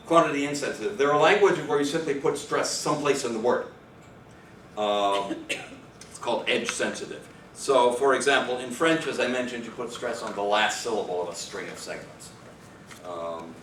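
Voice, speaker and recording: A man with a fairly low voice delivers an academic lecture, wandering through his points with fillers and quick self-corrections. He sounds distant from the microphone in an echoey room. A faint hiss sits underneath. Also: fairly bright tone. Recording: echoey room, far mic, faint noise.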